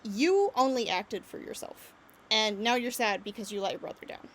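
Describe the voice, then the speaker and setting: A woman's voice: on the high side, animated, moderate pace, a bit bright, a little hiss or hum. A woman playing a blunt former lady's maid. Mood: scolding. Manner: scolding, lecturing.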